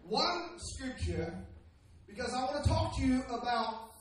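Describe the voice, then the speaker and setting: A man's voice: very high voice, sing-song, unhurried, slight background noise. A man preaching a sermon to a responding congregation, building lines into half-sung calls. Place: large church hall. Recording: echoey hall from far off with loud congregation.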